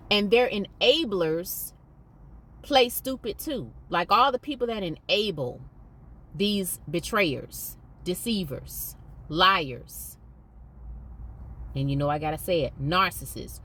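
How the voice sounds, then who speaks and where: A woman's voice: lowish voice, lively intonation, slow, long pauses, fairly bright tone, husky. A woman hosting a podcast, speaking candidly and emphatically and repeating points for stress. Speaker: podcast host.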